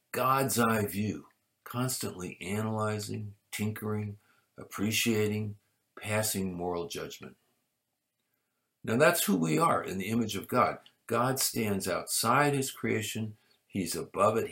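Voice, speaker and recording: A man preaching a sermon in a measured way, rising to emphatic peaks and dropping to soft asides. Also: fairly low pitch. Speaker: pastor.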